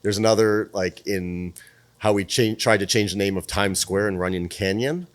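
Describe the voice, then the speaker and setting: A man who is a guest on a podcast, telling stories in a casual, animated way, swearing freely and acting out the dialogue. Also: on the low side, moderate pace. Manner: animated, profane, plays out dialogue. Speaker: podcast guest, PR firm president. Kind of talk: casual storytelling.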